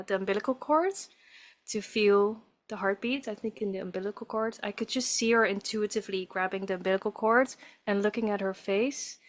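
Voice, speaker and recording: A woman's voice: medium pitch, fairly bright tone. A woman from the Netherlands, a podcast guest vividly and emotionally telling a personal story in conversation.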